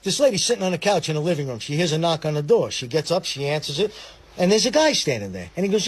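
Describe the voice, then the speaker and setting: A man tells a joke at a brisk, casual pace and raises his voice for the quoted lines. His voice sits a bit high and has a husky edge. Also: big pitch swings. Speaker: joke teller.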